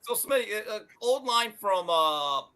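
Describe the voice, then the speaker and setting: A man hosting a sports talk show, telling stories in an animated, emphatic way and swearing freely. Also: sits high, a little slow, slight background noise.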